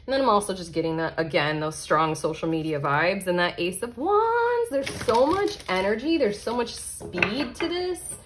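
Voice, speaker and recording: A woman giving a casual tarot card reading, excitable and chatty, laughing often and filling her talk with "like" and "you know". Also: medium pitch, normal speed, few pauses, a little hiss or hum. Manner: excitable, giggly, chatty with many fillers. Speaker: tarot reader.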